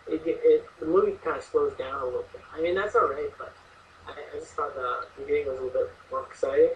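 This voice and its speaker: A man chatting excitedly about horror films, laughing often and using lots of fillers. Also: on the high side, fast. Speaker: co-host reviewing horror films. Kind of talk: casual chat. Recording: distant mic, muffled, faint hiss.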